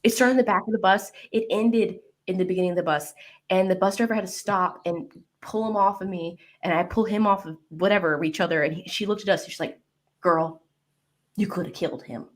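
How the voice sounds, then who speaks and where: A woman from Texas, a guest on a live stream, telling animated stories in blunt, casual talk with some swearing. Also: medium pitch, fast talker. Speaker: guest cosplayer. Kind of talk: casual chat.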